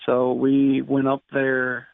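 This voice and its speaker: A man's voice: medium pitch, monotone, vocal fry, no room sound. Man in his thirties over a tinny line. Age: 30s. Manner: halting, many fillers and restarts. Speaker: guest. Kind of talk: personal storytelling interview. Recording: dry tinny phone-like sound.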